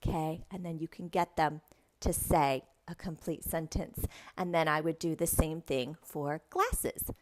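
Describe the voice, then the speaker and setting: A woman who teaches English online, explaining how to present lesson slides and modeling words slowly and clearly for young learners. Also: low-pitched, fairly even intonation. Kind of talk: instructional talk with classroom demonstrations.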